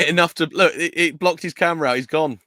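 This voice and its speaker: A man's voice: fairly high pitch, brisk, bright, forceful tone, no echo. A man co-hosting a casual live-stream chat, jokey and teasing. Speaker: co-host. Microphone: video call.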